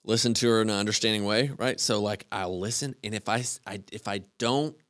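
A man talking as a podcast guest, earnest and halting, often restarting his sentences. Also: fairly low pitch, fairly even intonation, fairly bright tone, no echo. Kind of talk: casual conversation.

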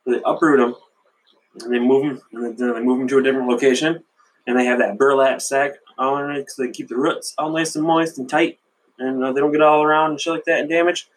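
A man's voice: mid-range voice, steady tone, fairly quick, poor audio. A man hosting a solo podcast with a runny nose, rambling casually, swearing a lot and laughing at himself. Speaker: podcast host.

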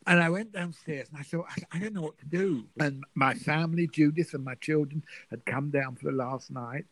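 An older man, a guest telling a lively showbiz anecdote and acting out the voices in it. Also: on the high side, fairly quick, no room sound, rough recording. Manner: lively, acts out the voices in his stories. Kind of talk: storytelling anecdote.

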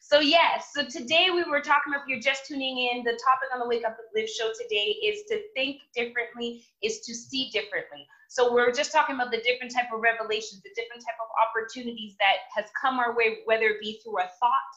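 A woman's voice: a little high, steady tone, fast, hardly any pauses, bright, forceful tone, muffled recording. A woman hosting a live motivational stream who speaks emphatically and repeats words for force. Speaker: host of a live motivational show.

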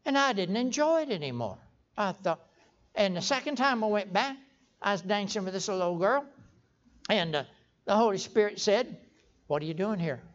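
Folksy older preacher, stammering. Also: male voice, high voice, lively intonation, moderate pace. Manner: folksy storytelling, stammering restarts, sudden emphatic outbursts. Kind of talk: folksy sermon. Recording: dull lo-fi sermon recording.

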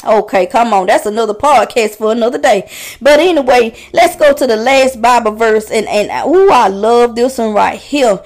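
High-voiced woman preaching with fervor. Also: normal speed, darkish tone. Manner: impassioned, calls out to listeners; conversational preaching with repetitions. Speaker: podcast host and preacher. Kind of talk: preaching podcast sermon.

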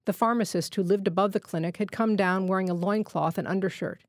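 A woman reading a literary short story aloud in a measured, steady way at a studio microphone. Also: mid-range voice, no echo. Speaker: guest reader.

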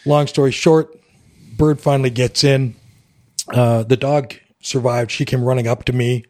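A man's voice: mid-range voice, steady tone, measured pace, darkish tone. A middle-aged man from Canada, a military veteran guest on a podcast, telling his story candidly with a wry edge, acting out the dialogue, with frequent fillers.

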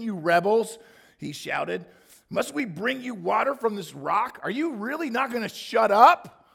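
Man, pastor, hoarse, gravelly fry, raspy, a bit high, animated sermon. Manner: animated, acts out complaints with sudden loud high bursts.

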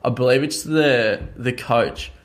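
A man's voice: medium pitch, takes it slowly. A young Australian man co-hosting a sports podcast, joking in a laid-back, bantering way. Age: young adult. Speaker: podcast co-host. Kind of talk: casual sports chat.

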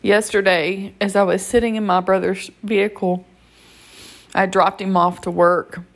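A woman hosting a devotional podcast, speaking earnestly and personally with pauses and fillers, her voice a bit crackly today. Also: mid-range voice, flat delivery. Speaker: podcast host.

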